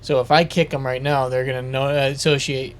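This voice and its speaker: A man's voice: medium pitch, little pitch movement, brisk. A man as a podcast guest, chatting casually about hunting and thinking aloud as he goes.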